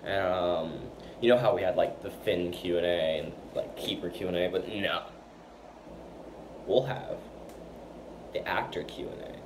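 A man with a fairly low voice talks casually to his viewers. He stutters and repeats words as he rambles, with fillers and restarts between his thoughts. Steady background noise hisses under the recording. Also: measured pace, pauses often. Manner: loose, chatty, full of fillers and restarts. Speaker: vlogger. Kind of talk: casual rambling talk to camera. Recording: noisy background hiss.

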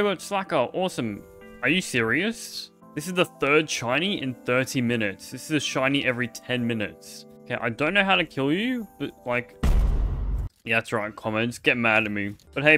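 Over faint music, a young gaming host talks a little fast in a mid-range voice that sounds animated, pushed and bright. He jokes through casual gameplay commentary and talks to the on-screen creatures.

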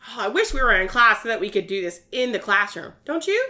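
A woman's voice: fairly high pitch, very animated, fairly quick, pushed and bright. A woman teaching a virtual preschool science lesson, asking young children lots of questions and praising their answers in a sing-song teacher manner.

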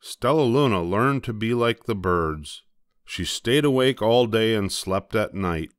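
An older man gently reading a children's picture book aloud, slowing down for the dramatic moments. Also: on the low side, expressive, dry recording, clean studio sound. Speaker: storybook reader.

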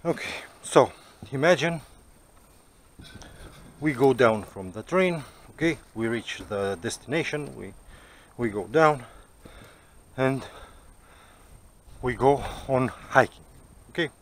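A man's voice: mid-range voice, animated, takes it slowly, long pauses, a little hiss or hum. A man casually telling a personal story to viewers, rambling and swearing, with lots of "you know".

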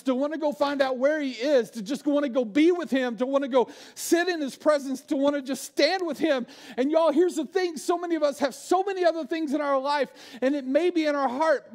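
A male pastor preaching a sermon, swinging from loud bursts to hushed, low asides.

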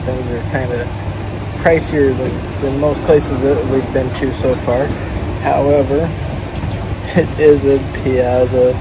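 A man in a casual food vlog, tasting and reviewing a dish at an outdoor restaurant table in a city square, relaxed and savoring each bite, laughing often. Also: medium pitch. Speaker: travel food vlogger. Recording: outdoor street noise behind the voice.

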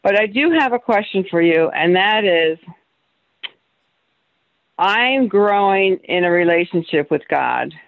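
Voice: lively intonation, measured pace, creaky, long pauses. Earnest workshop participant on a dull lo-fi line. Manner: earnest, pitch swings up and down when emphasizing. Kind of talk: personal sharing in a group workshop.

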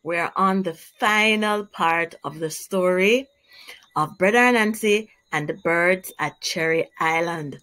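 Slow, expressive woman reading a story. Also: mid-range voice. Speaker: teacher. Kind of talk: storybook read-aloud for young children.

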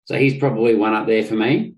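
A man's voice: fairly low pitch, steady tone, fast talker, low-quality recording. A man, co-hosting a rugby podcast and joking cockily through casual banter. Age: 30s. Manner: cocky and joking. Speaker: podcast co-host.

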